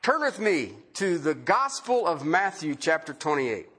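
Male preacher, high voice that swings widely, chatty sermon delivery with repeated phrases. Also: sing-song, measured pace, sharp tone, breathy edge. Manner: conversational, rhetorical questions, repeats key phrases.

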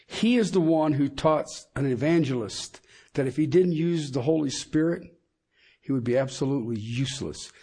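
Emphatic husky male preacher. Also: mid-range voice, normal speed, dark tone. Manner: emphatic, asks the congregation questions. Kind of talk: sermon.

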